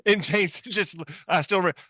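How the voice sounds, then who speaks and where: A man's voice: high-pitched, fairly quick, bright, forceful tone, no echo. A man in his forties, a podcast co-host, recalling a story in casual chat with dry, teasing humor.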